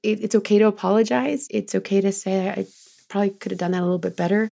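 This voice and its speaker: A middle-aged woman talking as a guest in an interview, telling lively stories about leading her team and quoting people in changing voices. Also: medium pitch, quick pace, creaky. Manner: animated storyteller, quotes others in changing voices. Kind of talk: conversational interview.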